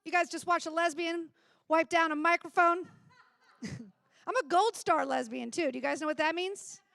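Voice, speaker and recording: Woman hosting a comedy night on stage, high voice with lots of fry, laughs through her bits, dry close mic. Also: moderate pace, fairly bright tone, dry recording. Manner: joking, laughing between lines. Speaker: comedy show emcee. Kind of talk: live stand-up banter. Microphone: handheld stage microphone.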